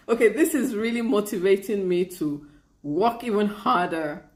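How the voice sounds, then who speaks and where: A woman chatting casually on a live stream, reading viewer comments, laughing often and trying out halting Arabic phrases. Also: mid-range voice, reverberant. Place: lives in Bahrain.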